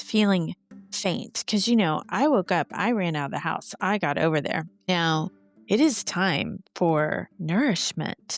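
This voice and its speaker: A woman hosting a podcast, telling personal stories in a theatrical, self-mocking way with playful asides. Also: on the low side. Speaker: podcast host. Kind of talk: personal storytelling monologue.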